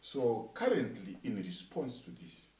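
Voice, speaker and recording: A man interviewing a minister, echoing his guest's words and pausing with many fillers. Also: mid-range voice, huge pitch swings, warm tone, far from the mic. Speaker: interviewer, church coordinator. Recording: echoey room, off-mic.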